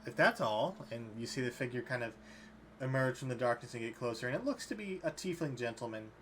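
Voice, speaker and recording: An easygoing man narrates a tabletop game as game master. His voice sits at a middling pitch, with a faint background hum. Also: quick pace.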